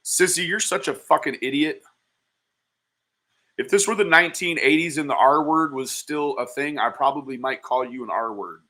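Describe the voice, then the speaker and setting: Bright-voiced man heckling with profanity. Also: fairly high pitch, normal speed. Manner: heckling, insulting, mocking. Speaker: livestream commentator. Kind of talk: profane reaction commentary.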